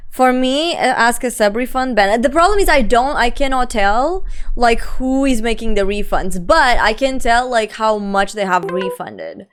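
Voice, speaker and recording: This is a young woman streaming live with a high, smooth and clear voice. She chats loosely with her viewers and greets each newcomer fondly as sweetie. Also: lively intonation, a little slow.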